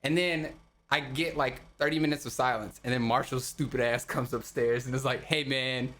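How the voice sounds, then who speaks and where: A man's voice: mid-range voice, fairly even intonation, moderate pace, fairly bright tone. A young man co-hosting a podcast, telling a party story in casual, profane chat, laughing often and acting out what people said. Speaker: podcast co-host.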